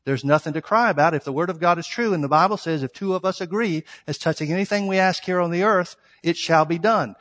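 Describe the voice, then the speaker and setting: High-pitched and a bit bright, this male pastor talks fast with hardly any pauses. He preaches emphatically in a church sanctuary, telling stories and acting out quoted exchanges, and the recording has long hall reverb.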